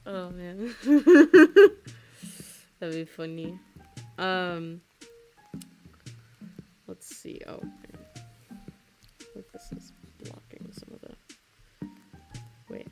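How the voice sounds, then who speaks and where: A woman's voice: on the low side, big pitch swings, very slow, pauses often, darkish tone, faint music behind. A woman in her twenties, chatting casually and rambling with many fillers and frequent giggles while she draws on a stream. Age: 20s. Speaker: streaming artist. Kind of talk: casual chat while drawing.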